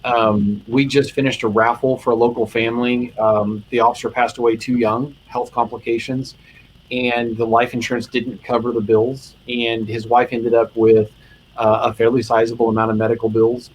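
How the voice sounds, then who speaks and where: A man's voice: mid-range voice, a little hiss or hum, rough recording. A male chaplain telling heartfelt stories in a casual conversation, earnest and emotional, with lots of restarts. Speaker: guest chaplain.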